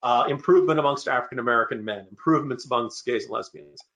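A man's voice: mid-range voice, fast talker, a bit bright. A middle-aged man speaking as a panelist in a political discussion, with sardonic asides.

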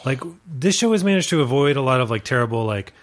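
A man's voice: mid-range voice, expressive, fast. A man co-hosting a podcast, chatting casually and grumbling about a TV episode. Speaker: podcast co-host. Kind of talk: casual chat recapping a TV episode.

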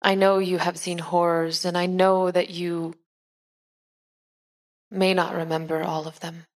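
A woman's voice: on the low side, flat delivery, measured pace. A woman voicing a preacher who gives an earnest, soothing sermon in a tabletop role-play podcast. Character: female preacher giving a sermon.

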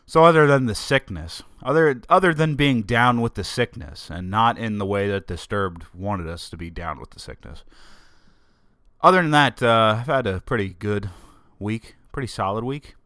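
A man's voice: fairly low pitch, moderate pace, fairly bright tone, no room sound, studio quality. A man with a sore throat hosting his own podcast from a home office, rambling and joking at his own expense. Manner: joking, self-mocking rambling. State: sore throat, under the weather. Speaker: podcast host. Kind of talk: casual solo podcast monologue. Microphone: desk microphone.

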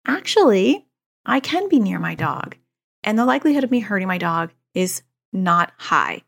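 A woman's voice: medium pitch, vocal fry. A woman speaking as a parent educator, explaining a therapy approach in an earnest way, working through concrete examples and repeating her key phrases. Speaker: parent educator on child anxiety.

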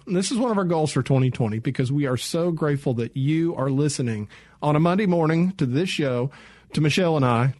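A man's voice: on the high side, a little mellow, dry recording. A middle-aged man hosting a radio talk show, chatting casually and telling self-deprecating jokes. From Tennessee. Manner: joking, self-deprecating storyteller.

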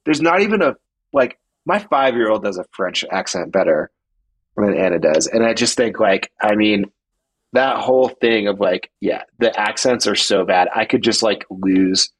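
A man's voice: fairly low pitch, expressive, normal speed, poor audio. A man co-hosting a podcast, talking through a film in an emphatic, casual way with many "like" fillers. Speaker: podcast co-host.

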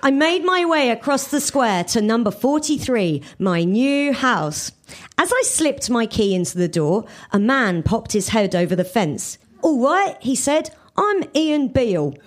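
A woman comedian from England reading her own comic fan fiction aloud to a live audience, with quick asides to the crowd. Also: a little high, lively intonation.

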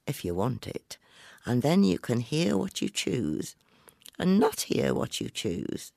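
A man voicing a sly old countrywoman who coaxes a girl into taking a strange gift, dropping now and then to a hushed whisper. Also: medium pitch, wildly swooping pitch, slow pace, gravelly, dry recording, clean studio sound, heavily acted. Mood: coaxing. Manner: coaxing, knowing, half-whispered asides.

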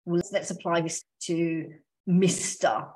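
A woman's voice: on the low side, steady tone, a little slow, darkish tone. A woman co-hosting a casual podcast chat, thoughtful, working her ideas out aloud with restarts. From Australia. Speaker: podcast co-host.

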